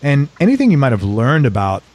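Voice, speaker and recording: A man's voice: mid-range voice, huge pitch swings, a little fast, darkish tone. A man hosting a casual interview, asking loose, chatty questions. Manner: loose, chatty, laughs easily. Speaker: interview host.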